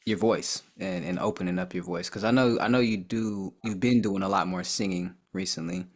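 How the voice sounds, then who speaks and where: Low-voiced relaxed male podcast host. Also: moderate pace. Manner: relaxed, affirming and curious interviewer. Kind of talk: casual conversation.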